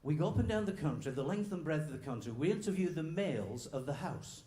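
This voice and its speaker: A man voicing a brisk, businesslike young woman taking a survey, in an echoey hall. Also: on the high side, lively intonation, mellow, close to an everyday voice. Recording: roomy hall echo, faint background noise.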